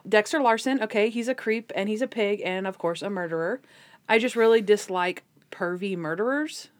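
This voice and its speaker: A woman's voice: mid-range voice, moderate pace. A woman chatting casually as a podcast co-host, animatedly retelling scenes from an episode and acting out the characters' lines. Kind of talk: casual chat recapping a TV episode.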